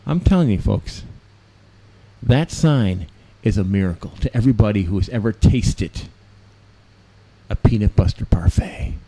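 Man doing a rambling gruff pep-talker. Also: lowish voice, animated, unhurried, warm tone, full character voice. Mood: rousing. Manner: rambling, gravelly, theatrical. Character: gruff adult man giving an ice cream pep talk. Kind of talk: improv sketch comedy.

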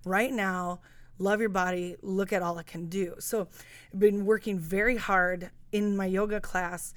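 A woman's voice: mid-range voice, steady tone, a little slow, dry recording. Rambling woman, dry close sound. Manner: rambling, self-interrupting storyteller. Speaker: podcast guest. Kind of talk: casual chat.

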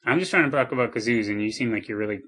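A man trading absurd deadpan bits in an improvised comedy chat. His voice sits at an ordinary middle pitch, and he laughs easily as he builds on a silly idea. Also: racing, a crowd in the background.

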